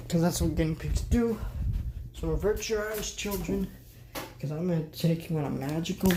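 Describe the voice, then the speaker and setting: A man's voice: on the high side, darkish tone, slight background noise. Rambling young man giving a room tour. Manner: rambling, sarcastic asides. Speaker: vlogger. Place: bedroom, indoors.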